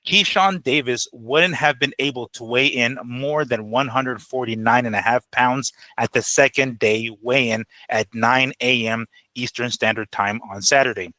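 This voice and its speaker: A man co-hosting a boxing talk show, talking casually and a bit loosely, hedging with fillers as he works through a story. His voice is bright and forward, and the sound is dry. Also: medium pitch, no room sound, rough recording. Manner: rambling, hedging with fillers while explaining. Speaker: co-host of a boxing news show. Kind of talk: casual profane chat.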